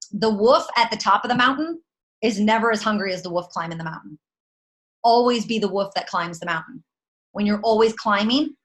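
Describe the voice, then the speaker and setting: Her voice a little high and fairly bright in tone, a woman speaks from home at night. She's pumping up her sales team with an emphatic, slang-filled pep talk full of punchy rhetorical questions.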